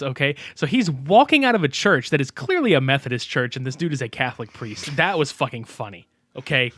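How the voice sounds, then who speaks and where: A man's voice: mid-range voice, expressive, a little fast, a bit bright. A man co-hosting a podcast, recapping a film in casual chat, cursing often, laughing and acting out the characters' lines. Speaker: podcast co-host. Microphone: desk microphone.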